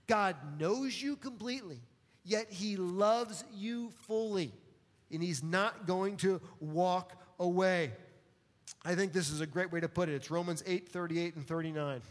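Man, pastor, sermon, high voice, slow deliberate delivery, earnest, long church reverb. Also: a bit bright. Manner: earnest, emphatic, calls for congregation response.

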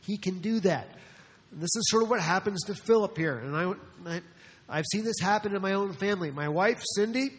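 A man's voice: sits high, brisk, slightly rough, big-room sound. A man from New Jersey preaching a sermon as a pastor, conversational with joking asides.

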